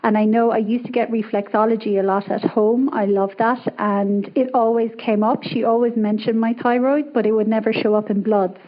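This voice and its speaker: Irish woman caller, chatty and upbeat, fairly high voice, muffled call audio. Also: steady tone. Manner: chatty, upbeat, quick to laugh. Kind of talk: casual call-in chat. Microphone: remote call audio.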